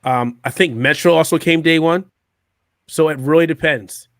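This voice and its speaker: A man co-hosting a casual gaming podcast, hoarse from a cold, explaining in a relaxed way with small restarts. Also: fairly high pitch, moderate pace, no room sound, clean studio sound. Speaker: podcast co-host. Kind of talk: casual chat.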